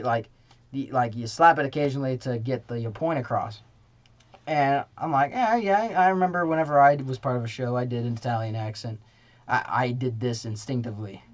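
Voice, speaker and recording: Rambling young man, lo-fi sound. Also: fairly high pitch. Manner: rambling, self-correcting, animated. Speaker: theater reviewer. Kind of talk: casual spoken review. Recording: dull lo-fi sound.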